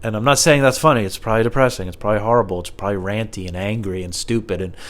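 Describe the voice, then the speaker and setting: A man's voice: fairly low pitch, racing, a bit bright. A man hosting a solo podcast, rambling and self-deprecating, full of fillers, speaking into a small lapel mic in his living room. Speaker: podcast host.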